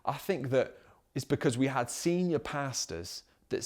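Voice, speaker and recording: A man's voice: medium pitch, measured pace. Emphatic male pastor preaching. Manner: emphatic preaching with repeated rhetorical questions. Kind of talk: sermon.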